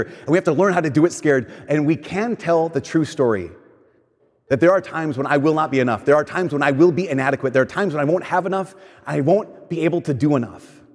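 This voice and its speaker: A man delivering a conversational sermon as a pastor, slowing down for emphatic lines and speeding up through quick asides. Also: a little high, a little mellow. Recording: long hall reverb.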